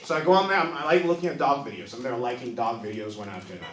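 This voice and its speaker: A man in his thirties doing a stand-up comedy set on a club stage, telling stories with lively acted-out quotes. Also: mid-range voice, rapid-fire, far from the mic. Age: 30s. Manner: animated storytelling with acted-out quotes. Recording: roomy club recording heard from off-mic with crowd. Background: audience laughter.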